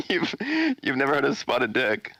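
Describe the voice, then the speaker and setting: Mocking American man, animated pitch. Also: creaky, no room sound. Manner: laughing, mocking, swears. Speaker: streamer. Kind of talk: casual gaming chat.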